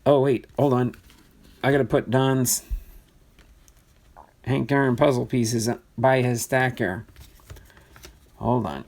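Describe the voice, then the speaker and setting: A man hosting a live card-breaking stream, reading out names in a chatty way with sudden excited bursts. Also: mid-range voice, takes it slowly, long pauses. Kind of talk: live box-break commentary.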